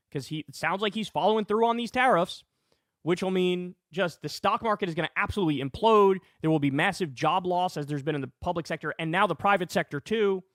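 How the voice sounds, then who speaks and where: A man's voice: high-pitched, dry recording, studio quality. A man giving heated political commentary, reading news aloud and reacting with swearing and direct appeals to viewers. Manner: animated, swears, addresses viewers as guys and y'all.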